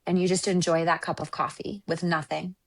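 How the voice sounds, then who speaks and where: A woman's voice: fairly low pitch, flat delivery, fairly quick. A woman relationship coach and Reiki practitioner talking earnestly in an interview, often checking in with "right?". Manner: reflective, earnest, often ending points with "right?". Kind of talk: conversational interview storytelling.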